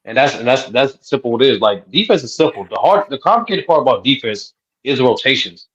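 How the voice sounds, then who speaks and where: A relaxed man talks basketball in a casual debate, with a slangy, easygoing delivery. His voice sits at a middle pitch. It comes through a dull, muffled lo-fi mic. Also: brisk. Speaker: basketball player and panelist.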